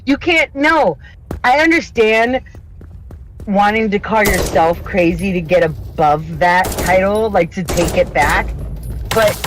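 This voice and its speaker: A woman's voice: mid-range voice, slight background noise, low-quality recording. A woman co-hosting a live-streamed chat show, talking emphatically and bluntly, swearing freely and laughing often. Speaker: podcast co-host.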